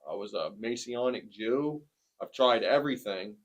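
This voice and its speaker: A man in his forties giving a personal testimony in conversation, plainspoken and earnest, with many pauses. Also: medium pitch. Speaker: interviewee sharing a testimony.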